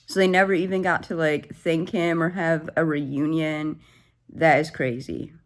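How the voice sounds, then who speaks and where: Woman in her 20s, deep low register, casual book vlogger, gushing and profane. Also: a little slow. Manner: excitable, swears freely, gushing reactions. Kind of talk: casual reading vlog updates.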